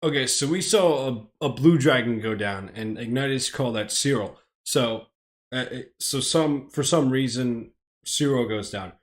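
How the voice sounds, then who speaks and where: A man's voice: mid-range voice, measured pace. A man casually reading a movie script aloud on a live stream, hesitant and stammering, with frequent restarts.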